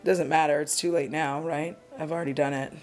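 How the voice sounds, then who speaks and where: A woman's voice: sits low, fairly even intonation, fairly quick, a little mellow, faint music behind. A woman doing a casual get-ready-with-me vlog, talking in a chatty, rambling, candid, self-deprecating way while she does her makeup at home. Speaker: beauty vlogger.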